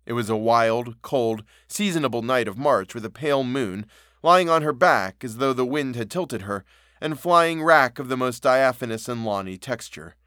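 A man reading a classic story aloud as narrator, in steady, measured storytelling. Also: mid-range voice, no room sound, clean studio sound.

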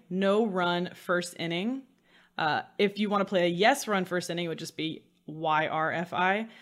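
A woman hosting a sports betting podcast alone, chatty and self-mocking with dry sarcasm. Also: medium pitch. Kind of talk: solo podcast talk.

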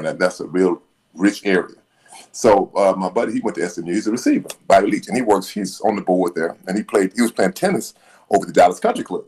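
A man on a sports radio show telling a story, acting out the people in it with big shouted voices and laughter. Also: sits low. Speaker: guest football analyst.

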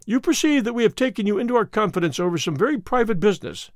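A man reading an audiobook, voicing a sinister older male kidnapper who makes smooth, veiled threats. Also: high voice, lively intonation, quick pace, dry recording, clean studio sound. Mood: coldly polite. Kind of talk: audiobook character voice.

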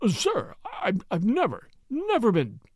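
A man's voice: sits high, huge pitch swings, measured pace, slightly rough, no room sound, studio quality, voice pushed up, full character voice. A man voicing an anxious, cringing middle-aged butler who stammers and pleads deferentially in an audiobook. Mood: flustered. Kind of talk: audiobook character voice.

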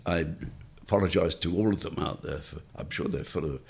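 A man's voice: sits low, a little fast, vocal fry, a little mellow, slightly rough. An older man, an interview guest, telling wry, rambling anecdotes and chuckling through them. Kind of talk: anecdotal reminiscing.

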